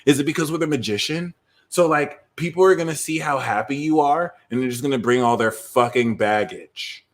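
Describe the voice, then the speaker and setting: A man hosting a casual astrology and tarot livestream, talking in an animated, profane, jokey way. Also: mid-range voice, fairly quick.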